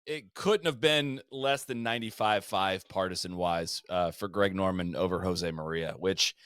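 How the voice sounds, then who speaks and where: A man co-hosting a podcast, telling golf history in a loose, animated way, full of fillers and restarts. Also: low-pitched, moderate pace, clean tone, no echo, studio quality. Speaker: podcast co-host. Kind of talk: casual golf history chat.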